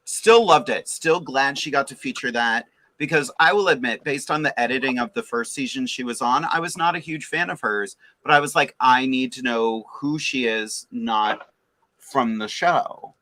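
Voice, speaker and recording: A man's voice: medium pitch, normal speed, sharp tone, low-quality recording. A man co-hosting a casual group chat, talking in an enthusiastic, chatty way. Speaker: podcast co-host.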